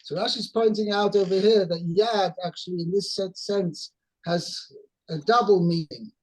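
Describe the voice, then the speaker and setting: A man's voice: high-pitched, steady tone, normal speed, rough recording. A man teaching a text-study lesson, explaining word by word with many restarts. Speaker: Torah teacher.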